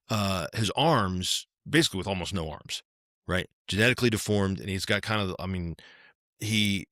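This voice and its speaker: A man with a low voice tells a long, rambling story in casual podcast chat. He keeps checking in with his listeners with "right?". The sound is close and dry. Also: sharp tone, no echo. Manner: rambling, tags lines with "right?". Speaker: podcast co-host.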